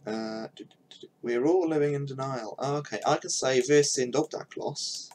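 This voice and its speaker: A man's voice: medium pitch, a little fast, darkish tone, slight background noise, low-quality recording. A young man thinking aloud in casual commentary while he builds a game map on a live stream, with mumbled asides as he works.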